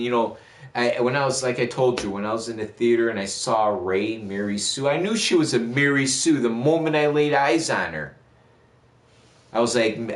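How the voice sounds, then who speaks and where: Rambling, profane man in an echoey room. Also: medium pitch. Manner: rambling, profane movie rant. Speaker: gaming livestreamer. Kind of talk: casual chat while streaming.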